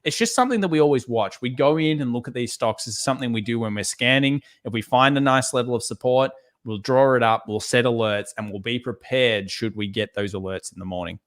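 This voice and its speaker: A man co-hosting a live trading show, talking through charts in a relaxed way and repeating words for emphasis. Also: mid-range voice, a little fast. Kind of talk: live market analysis chat.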